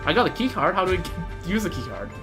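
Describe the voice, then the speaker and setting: A woman's voice: on the low side, big pitch swings, fast talker, over music. A woman chatting casually and joking while playing through a game. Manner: chatty, joking, talks to herself. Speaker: game streamer. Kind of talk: casual gameplay commentary.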